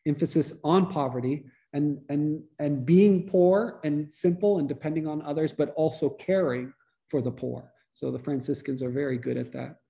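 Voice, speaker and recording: A man, a priest, giving a relaxed, conversational teaching talk to a church study group, restarting his sentences often. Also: fairly high pitch, normal speed, gravelly. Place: church meeting room.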